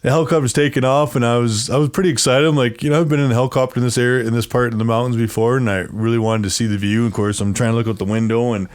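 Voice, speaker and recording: A man's voice: medium pitch, fairly even intonation, very fast, hardly any pauses, clear, resonant tone. Rambling man telling a story. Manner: rambling, acts out quoted voices, laughs often. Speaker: guest telling his story. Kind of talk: casual storytelling.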